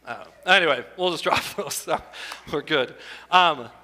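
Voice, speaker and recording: A man in his fifties doing stand-up comedy in a church hall, animated and jokey, often breaking into silly voices. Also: on the high side, a little slow. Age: 50s. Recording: echoey hall.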